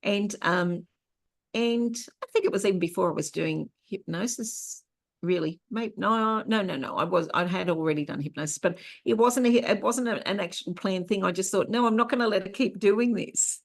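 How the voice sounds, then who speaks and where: Middle-aged woman teaching a low-key workshop. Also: normal speed, gravelly. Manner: conversational, with personal stories. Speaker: workshop host and therapist.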